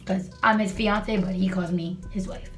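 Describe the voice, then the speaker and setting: A woman's voice: mid-range voice, steady tone, normal speed, faint music behind. A young woman telling a storytime in casual chat, rambling and sassy, swearing freely.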